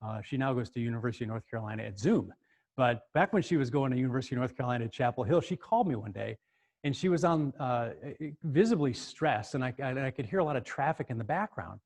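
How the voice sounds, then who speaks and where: A middle-aged man tells a story in a lively way, repeating words as he goes. His pitch sits at an ordinary middle height for a man. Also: quick pace. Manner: animated, acts out the other voices, repeats words as he goes. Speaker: speaker. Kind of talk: storytelling talk.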